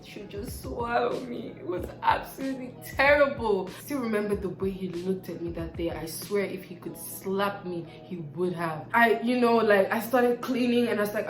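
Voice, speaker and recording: A young woman vlogger telling a personal story in a casual, animated and dramatic way. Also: medium pitch, moderate pace, few pauses. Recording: echoey room, faint background music.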